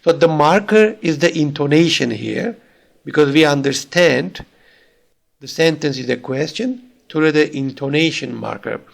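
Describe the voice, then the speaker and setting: A man's voice: fairly high pitch, unhurried, creaky. A man with a Turkish accent giving a recorded lecture, reading out examples and explaining them step by step with small fillers. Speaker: university lecturer.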